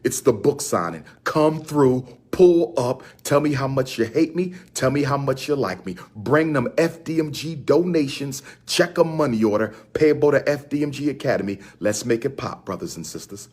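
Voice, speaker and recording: A man's voice: mid-range voice, lively intonation, moderate pace, few pauses, darkish tone, slightly rough. A man from Philadelphia speaking straight to his audience, with a preacher-like fire, repeating his announcements and event details like a chant. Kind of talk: impassioned direct-to-camera address.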